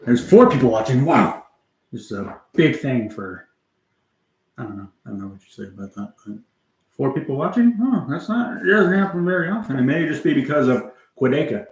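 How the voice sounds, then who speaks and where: A man's voice: medium pitch, a little mellow. Guy rambling on a livestream, lots of ums and cussing, echoey room. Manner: rambling, hesitant, full of fillers; swears a lot. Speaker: streamer. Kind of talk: casual livestream chat.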